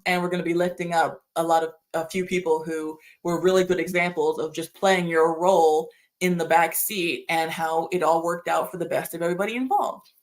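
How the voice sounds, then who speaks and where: Young female stream host, casual rambling, somewhat breathless, slightly low voice. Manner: rambling, chatty, laughs often. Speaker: livestream host. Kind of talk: casual chat reading viewer comments.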